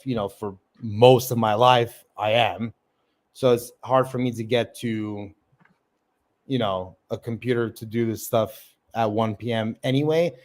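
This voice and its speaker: Rambling man hosting a livestream. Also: mid-range voice. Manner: rambling, many ums and likes. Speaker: livestream host. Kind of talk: casual livestream chat.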